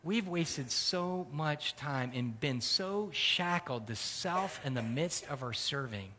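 Bright-voiced preacher man in a reverberant hall. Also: expressive, takes it slowly, slight background noise. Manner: earnest preaching that swells loud and high for emphasis. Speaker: pastor. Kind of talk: sermon.

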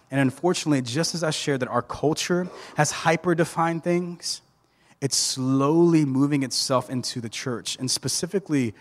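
A lively male pastor, preaching with jokes and quick restarts. His voice sits at an ordinary middle pitch. The sound rings with the long reverb of a church hall. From Southern United States. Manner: animated, joking storyteller with frequent restarts. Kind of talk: sermon. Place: church sanctuary.

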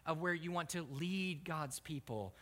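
Pastor guy preaching, bright kinda high voice, stammers and repeats, big echoey church hall. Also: a little slow. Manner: animated storytelling with acted-out prayers and repeated stammers. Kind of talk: sermon. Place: church sanctuary. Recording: long hall reverb.

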